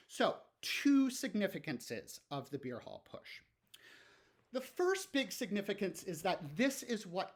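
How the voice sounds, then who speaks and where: A male history teacher giving a recorded lecture in a conversational way, explaining step by step with frequent ums, "okay, so" and rhetorical questions. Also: on the high side.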